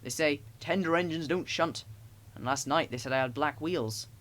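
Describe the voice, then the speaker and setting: A man voicing a gentle, modest male engine in a storybook reading, in a mild tone. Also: a little high, normal speed, lightly acted. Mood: sad.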